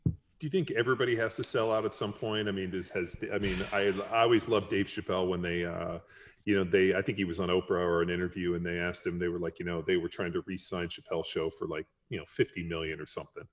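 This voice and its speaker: A man with a very low voice, hosting a relaxed podcast chat. He rambles, restarts his sentences and pads his thoughts with fillers as he thinks aloud. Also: quick pace. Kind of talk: casual chat.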